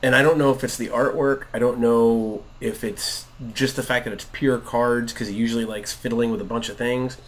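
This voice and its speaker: Guy in his 30s telling a funny story about his kid, super animated, laughing a bunch. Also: medium pitch, normal speed, few pauses. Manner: animated storyteller, acts out quotes, laughs often. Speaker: podcast co-host, father. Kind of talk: casual chat while gaming.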